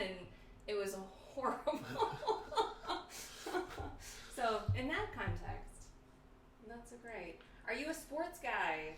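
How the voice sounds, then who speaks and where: A woman's voice: mid-range voice, sing-song, takes it slowly, roomy sound, far from the mic, crowd noise. A woman co-hosting a casual live-stream, reading viewer questions with dry, brief remarks.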